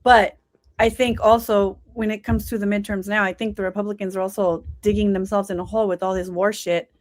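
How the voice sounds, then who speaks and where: Woman, native Spanish speaker, blunt casual opinions, mid pitch. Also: level tone, brisk. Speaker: podcast co-host. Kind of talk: casual chat.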